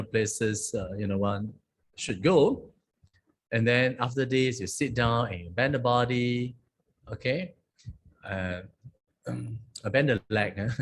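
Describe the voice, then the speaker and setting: A man, a Buddhist monk, teaching a lesson on a scripture language, reciting verses slowly and often checking in with "okay?" and "huh?". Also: on the low side, a little hiss or hum.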